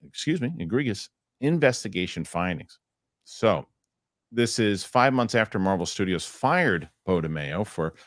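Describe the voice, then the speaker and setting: This is a lowish male voice, captured with clean studio sound and no echo. Co-hosting a live entertainment news show, he alternates between reading the news and loose, joking chatter full of animated, rambling asides.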